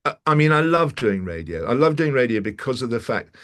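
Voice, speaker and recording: A man's voice: mid-range voice, big pitch swings, brisk, fairly bright tone. A male actor talking casually as an interview guest from a room at his home, rambling with many restarts.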